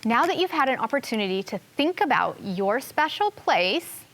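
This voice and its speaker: Female teacher, TV classroom: expressive read-aloud, gentle explanation for first graders. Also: fairly high pitch. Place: television classroom studio.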